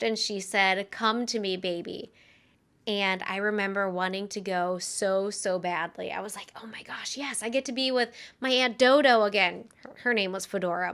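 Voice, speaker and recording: A woman's voice: mid-range voice, bright, forceful tone, smooth. A young woman co-hosting a podcast, telling a personal story in an earnest, conversational way with frequent fillers. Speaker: podcast co-host.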